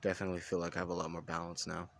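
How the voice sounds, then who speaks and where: A man voicing a confused teenage boy with a new cyborg body, who talks bluntly and flatly. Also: deep voice, rapid-fire, gravelly, slight background noise.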